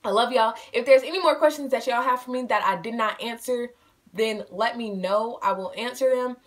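A woman's voice: a little high, normal speed. An eighteen-year-old woman chatting casually to her viewers at home in a Q&A vlog, bubbly and playful, teasing herself as she talks. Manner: bubbly, talkative, playful self-teasing, addresses viewers as y'all. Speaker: vlogger.

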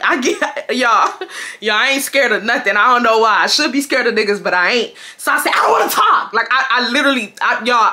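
A woman in her twenties from Houston tells a storytime straight to her viewers, her voice bright and sharp. She talks in a loose, slangy way, swears freely and leaps into high shrieks whenever she acts out what someone said. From Houston, Texas. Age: 20s. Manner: animated, slangy, swears often, jumps into high shrieks when quoting. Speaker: storytime vlogger. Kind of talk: casual storytelling to camera.

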